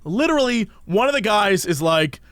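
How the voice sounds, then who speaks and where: A man's voice: sits high, moderate pace, smooth, no echo. A man co-hosting a podcast, casually chatting and acting out quotes as he tells stories. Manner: animated storytelling, acting out quotes. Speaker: podcast co-host. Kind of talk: casual chat.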